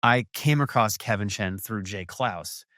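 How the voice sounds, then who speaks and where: A man's voice: lowish voice, a little slow, pushed and bright, no room sound, clean studio sound. A man hosting a podcast interview, talking in an enthusiastic, effusive way with lots of restarts. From USA. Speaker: podcast host. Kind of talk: casual interview chat.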